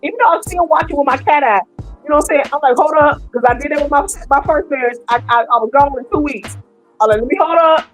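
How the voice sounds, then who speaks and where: Middle-aged woman, high voice, live-stream host talking to her chat, faint music under her. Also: low-quality recording. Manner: animated, talks to her viewers. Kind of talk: casual live-stream commentary.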